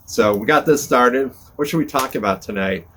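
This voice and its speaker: A man's voice: mid-range voice, moderate pace, pushed and bright. An older man, a podcast host, chatting casually and rambling in a folksy, self-deprecating way while sitting by a fire on his porch. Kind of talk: casual chat to camera. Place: front porch by a fire, outdoors. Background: fire crackling, passing cars.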